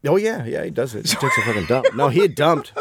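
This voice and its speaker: A man's voice: mid-range voice, fast, background noise. A middle-aged man co-hosting a podcast, telling a story with lots of swearing and acted-out quotes. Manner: profane, animated storyteller acting out quotes. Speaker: podcast co-host. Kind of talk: casual storytelling chat.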